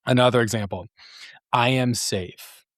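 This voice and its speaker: A man hosts a solo therapy podcast, reflecting thoughtfully with frequent fillers and bits of acted self-talk. His mid-range voice moves at a measured pace, recorded with studio quality and no echo.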